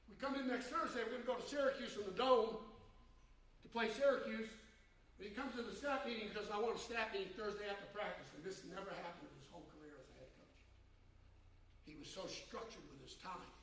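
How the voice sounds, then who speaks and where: A man's voice: high voice, fairly quick. Older man telling stories in an echoey hall. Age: 70s. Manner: folksy, animated storytelling with bursts of laughter. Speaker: keynote speaker. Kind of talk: storytelling keynote speech. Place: large conference hall. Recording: echoey hall, distant from mic.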